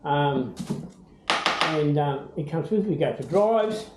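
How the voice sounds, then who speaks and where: An older Australian man chatting casually about his pet bird, rambling with many ums and breaking into high baby-talk. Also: animated, slow, roomy sound, very noisy. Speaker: bird owner. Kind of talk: casual home video chat.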